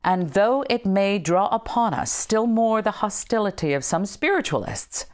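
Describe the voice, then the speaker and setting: A woman's voice: mid-range voice, animated, moderate pace, darkish tone. A woman leading a book study, reading a text aloud with emphatic, dramatic delivery and casual asides in between. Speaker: study group leader.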